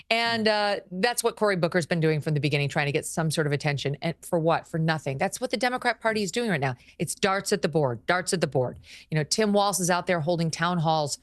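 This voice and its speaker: A woman's voice: on the low side, lively intonation, fairly quick, dry recording, studio quality. Sarcastic woman political talker. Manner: sarcastic, emphatic, mocking. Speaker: podcast host. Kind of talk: opinionated political talk.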